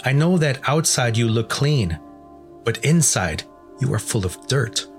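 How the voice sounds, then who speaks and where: A man's voice: mid-range voice, expressive, unhurried, soft background music. A man voicing an earnest, devout male pilgrim who speaks sincerely and plainly.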